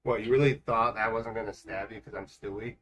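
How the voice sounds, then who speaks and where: A man's voice: on the low side, steady tone, background noise. A man livestreaming a game from home, chatting in a rambling, joking way. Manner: chatty and rambling, quick jokes. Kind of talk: casual gaming livestream chat.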